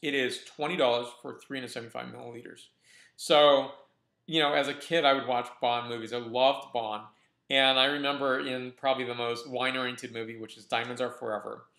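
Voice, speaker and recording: A man hosting a casual wine review vlog, talking in a relaxed, enthusiastic way with frequent restarts. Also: medium pitch, a little fast, vocal fry. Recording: roomy echo.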